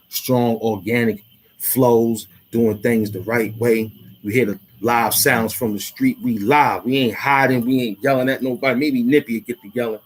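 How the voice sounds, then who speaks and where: A man delivers a direct-to-camera rant as a YouTube host. His voice sits at an ordinary middle pitch, and his talk is impassioned and lecturing, full of street slang. He is recording from a warm indoor room. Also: slightly rough.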